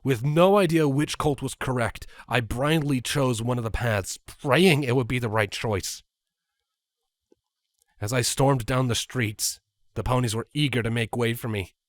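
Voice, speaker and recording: A man reading a fan fiction story aloud with an expressive, animated delivery. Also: medium pitch, a little slow, no echo, studio quality. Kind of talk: dramatic story narration.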